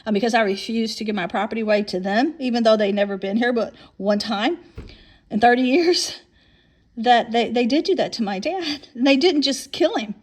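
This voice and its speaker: A woman's voice: a little high, normal speed. Rambling woman in her fifties. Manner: rambling, repeats and restarts words. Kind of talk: personal story monologue.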